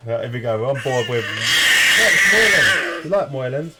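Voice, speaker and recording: A British man commentating a sim race, jokey and rising to excited shouts. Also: mid-range voice, fast talker. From United Kingdom. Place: home room with children nearby. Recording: loud background noise.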